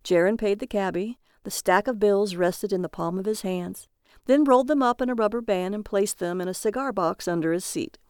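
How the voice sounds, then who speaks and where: A woman reading a story aloud in a steady, measured narration. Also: mid-range voice, smooth, no room sound, studio quality.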